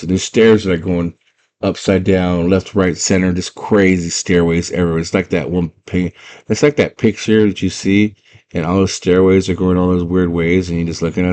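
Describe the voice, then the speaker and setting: Young dude with a real deep voice hyping up a movie, super casual slangy. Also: male voice. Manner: excited slangy storytelling. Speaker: movie fan retelling a film. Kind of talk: casual chat.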